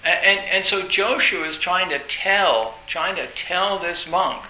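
A man giving a Zen dharma talk, telling personal stories in a halting way, restarting words and laughing now and then. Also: high-pitched, sharp tone. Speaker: Zen teacher. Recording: echoey room with faint hiss.

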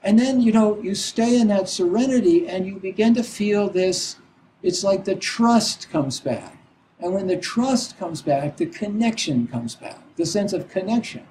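A middle-aged Zen teacher, a man with a fairly high but soft, mellow voice, gives a reflective dharma talk. He speaks haltingly, filling gaps with "you know" and restarting his sentences. Faint ambient noise sits behind him. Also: lively intonation, low-quality recording.

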